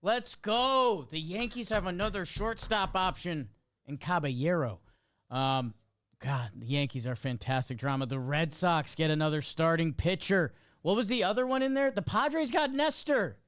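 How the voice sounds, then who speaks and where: Energetic high-voiced sports show host. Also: male voice, moderate pace, no echo. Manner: energetic, riffing, playful. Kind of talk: live sports talk show.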